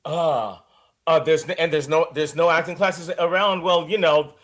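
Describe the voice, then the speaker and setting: A man with a high voice talks as an interview guest. He is expressive and rambling, often restarting his sentences as he goes. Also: normal speed. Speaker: voice actor guest. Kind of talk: casual interview chat.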